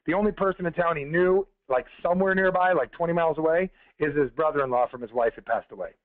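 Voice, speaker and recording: A man telling a motivational story on a conference call, talking fast and conversationally, addressing the listeners directly. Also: fairly high pitch, no room sound. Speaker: motivational speaker. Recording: tinny phone-line call.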